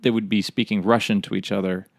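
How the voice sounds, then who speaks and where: A man's voice: on the low side, steady tone, fast, vocal fry, no room sound, studio quality. A man co-hosting a podcast in casual chat, rambling and speculating, laughing at his own stories. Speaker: podcast co-host.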